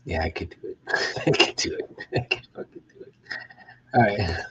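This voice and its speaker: A man's voice: fairly low pitch, moderate pace, a bit bright, slightly rough, poor audio. A middle-aged man, a guitar maker, rambling casually and profanely to himself in a behind-the-scenes vlog.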